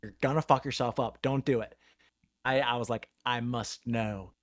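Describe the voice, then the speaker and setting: A man's voice: mid-range voice, steady tone, brisk. A man hosting a podcast, telling long, profane anecdotes in casual chat. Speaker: podcast host. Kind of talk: casual storytelling.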